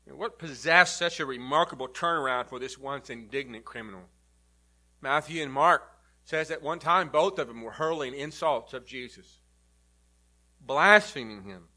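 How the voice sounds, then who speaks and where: A male pastor preaching a sermon, emphatic, rising loud and then dropping to a low, quiet delivery.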